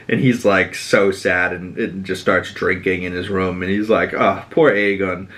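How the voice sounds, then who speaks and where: A young man from Boston with a lowish, fairly bright voice hosts a podcast. He gives a casual, rambling recap full of swearing and filler words.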